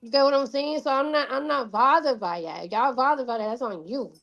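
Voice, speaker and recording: A woman's voice: high-pitched, a little fast, over a noisy crowd. A woman with a thick Brooklyn New York accent, a musician guest talking candidly in slangy casual interview chat. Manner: candid, slangy, laughs often.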